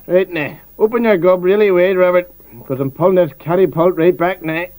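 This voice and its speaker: A man's voice: high voice, fairly even intonation, fairly quick, darkish tone, dry recording, lightly acted. A man putting on a crude, cheeky male politician at a dinner, with a Northern Irish accent and rude jibes. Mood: rowdy. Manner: crude jibes, bouncy sing-song delivery. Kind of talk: comic sketch impression.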